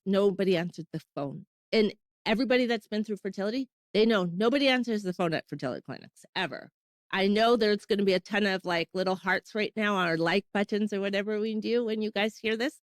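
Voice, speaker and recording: A woman's voice: mid-range voice, no echo. A woman in her thirties from Canada talks through her own story in a candid, conversational way, her voice sitting in a middling register. The sound is close and dry, with no room around it. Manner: candid, emotional retelling with quoted dialogue. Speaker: podcast host sharing her fertility story. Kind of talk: casual personal storytelling.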